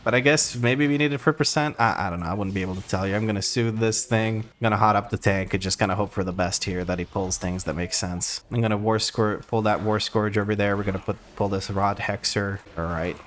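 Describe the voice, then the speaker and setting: A man's voice: on the low side, fairly even intonation, fast, hardly any pauses, a bit bright. A man giving casual live commentary while he plays a game, rambling to himself with wry, mildly exasperated asides. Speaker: gameplay commentator.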